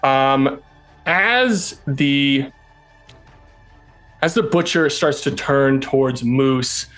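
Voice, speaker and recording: Man game master, slow halting narration, chuckles, light music behind. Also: medium pitch, a bit bright.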